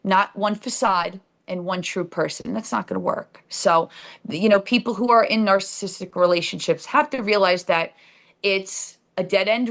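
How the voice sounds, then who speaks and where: A woman's voice: medium pitch, fairly bright tone. A woman, a podcast guest telling her story candidly and bluntly, with sarcasm and casual swearing.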